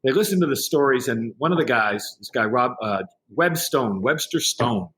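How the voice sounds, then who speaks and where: A man's voice: medium pitch, moderate pace. A middle-aged man, a podcast guest, telling a story in casual conversation and acting out the other people in it. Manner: animated anecdote-telling with quoted voices.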